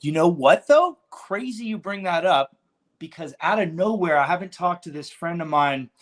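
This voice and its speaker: A man's voice: high voice, expressive, moderate pace. Man, forties, from California, podcast guest, laid-back, slangy, swearing, rambling storyteller. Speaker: podcast guest, cannabis business founder. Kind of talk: casual storytelling interview.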